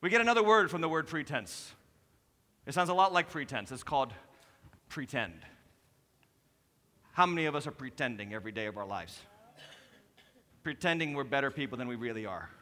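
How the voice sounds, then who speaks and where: A male lead pastor preaching a sermon, animated and joking, with sudden loud bursts and soft asides. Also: medium pitch, a little fast, pauses often. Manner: animated, jokey preaching with sudden shouts and drops to soft tones. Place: church sanctuary. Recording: preached in a hall with long reverb.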